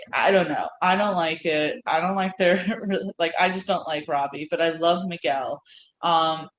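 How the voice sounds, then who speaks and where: A woman's voice: on the low side, slight background noise. A woman co-hosting a podcast, chatting enthusiastically about TV with lots of fillers. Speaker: co-host. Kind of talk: casual podcast chat. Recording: echoey room, faint ambience.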